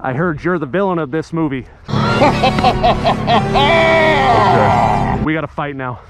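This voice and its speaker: A man vlogging from an outdoor softball field, joking with teammates and yelling at big plays. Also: a little high, fast, over loud music. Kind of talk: excited play-by-play banter.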